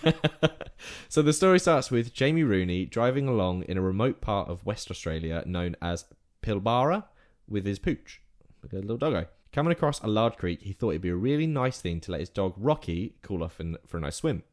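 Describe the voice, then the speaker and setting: A man's voice: on the low side, big pitch swings, a little fast, a little mellow. A man co-hosting a casual podcast, telling a story in a rambling way and correcting his own slips. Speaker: podcast co-host.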